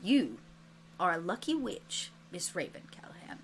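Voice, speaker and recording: A woman playing a stern, dryly sarcastic male flight teacher at a witch school, speaking low and quietly in a clipped way. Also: sing-song, moderate pace, a little hiss or hum.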